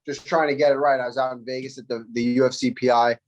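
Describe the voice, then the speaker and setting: A man's voice: mid-range voice, little pitch movement, quick pace, dull audio. A man, a fighter answering interview questions in a loose, rambling way, speaking through phone earphones. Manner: rambling, loose, full of fillers and restarts. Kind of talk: casual interview over video call.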